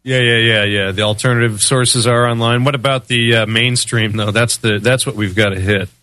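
Bright-voiced man as a chatty radio guest. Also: mid-range voice, fairly even intonation, moderate pace. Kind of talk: conversational interview answers.

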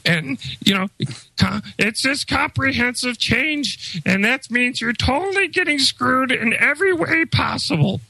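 A man's voice: extremely high pitch, animated, measured pace, vocal fry, pushed and bright, dry recording, voice pushed up, full character voice, rough recording. A man mockingly voicing a smug male politician who promises change.

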